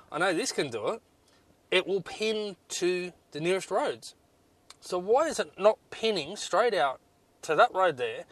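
A man's voice: fairly high pitch, a bit bright. A man reviewing off-road navigation gear in a casual vlog, blunt and exasperated, with lots of ums. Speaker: 4WD touring vlogger.

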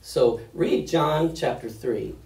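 A man's voice: slow pace, a little mellow. Man preaching in an echoey room. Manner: booming when reading quoted lines, laughs at his own slips. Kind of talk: sermon with scripture reading. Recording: echoey room, mic at a distance.

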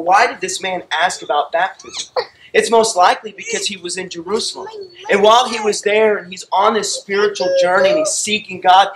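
Animated, bright-voiced preacher man. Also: high-pitched, a little hiss or hum, rough recording. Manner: animated storytelling, acting out scenes. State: out of breath. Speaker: pastor. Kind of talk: sermon.

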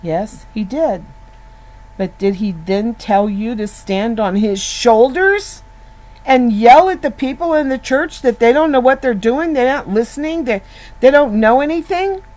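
A woman's voice: on the high side, unhurried, darkish tone, rough recording. A woman giving an informal Bible teaching in an earnest, conversational way, often restarting and repeating words as she goes.

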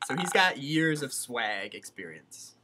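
A woman's voice: a bass voice, sing-song, unhurried, noisy background. A woman co-hosting a casual advice chat, talking earnestly and saying "like" a lot. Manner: chatty, earnest, says "like" often. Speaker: advice show co-host.

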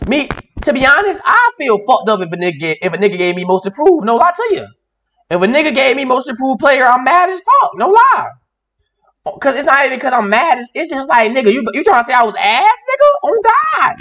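A young man hosting a casual basketball reaction video, talking in animated, slangy street speech full of swearing. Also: a little fast. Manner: animated, swearing, slangy street talk, rising to high shouts.

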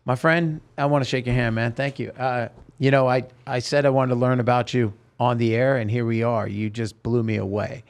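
A man's voice: mid-range voice, steady tone, fairly quick, hardly any pauses. A man hosting a podcast, talking earnestly and thanking his guests. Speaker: podcast host. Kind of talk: casual chat.

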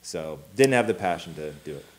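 A man in his thirties co-hosting a casual talk show, telling a story with animated energy, acting out quotes and swearing freely. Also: deep voice, brisk. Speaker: co-host.

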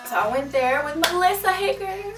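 A young woman from Georgia with a Southern American accent, vlogging to the camera at home in a chatty, animated way. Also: very high voice, normal speed. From Georgia, USA. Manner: animated and chatty, talking straight to the viewer. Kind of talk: casual vlog chat. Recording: roomy, mic at a distance, music behind.

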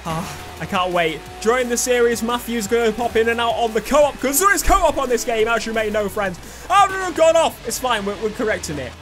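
A young man giving excitable, jokey commentary over his own racing-game play. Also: very high voice, a little fast, few pauses, faint music behind. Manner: excitable, chatty, jokey, talks back to the game. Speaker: gaming video host.

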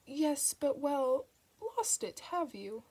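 A woman's voice: high-pitched, sing-song, slow, a little mellow, pitched above the performer's own voice, heavily acted. A woman voicing a sly, sarcastic male demon in an audiobook, wry and teasing. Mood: sardonic. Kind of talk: audiobook reading.

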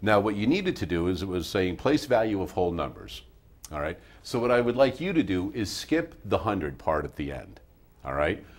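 A man hosting a math TV show from a studio, teaching in a patient, classroom style and checking in often with his listeners. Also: deep voice. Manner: patient, coaxing, checks in often with "all right?".

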